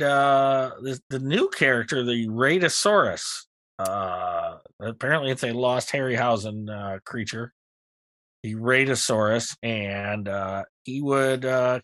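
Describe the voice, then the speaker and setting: A man's voice: medium pitch, a bit bright, dry recording. A man co-hosting a podcast, teasing and blunt in casual banter. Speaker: podcast co-host.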